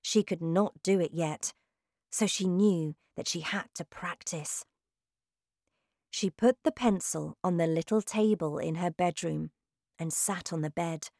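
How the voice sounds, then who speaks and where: A woman narrating a graded-reader audiobook, reading clearly and carefully, one word at a time. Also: lowish voice, a little slow, a little mellow, no echo, studio quality.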